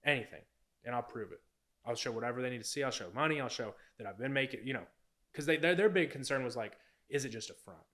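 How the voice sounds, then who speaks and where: A man's voice: medium pitch, lively intonation, fast talker, a bit bright. A young man, a podcast guest, telling a personal story in a casual, rambling way, full of "like" and "you know".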